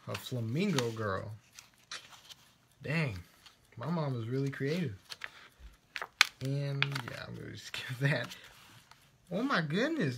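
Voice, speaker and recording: A man's voice: a little high, a bit bright, a little hiss or hum. A man with a Texan accent, guest-presenting a live craft show in a playful, silly way, joking as he reads viewer comments.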